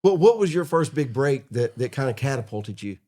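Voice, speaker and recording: A man's voice: medium pitch, big pitch swings, brisk, dark tone. A man hosting a podcast who asks his guest questions and adds reflective comments in casual conversation. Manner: encouraging interviewer, reflective asides. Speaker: podcast host. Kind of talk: casual interview.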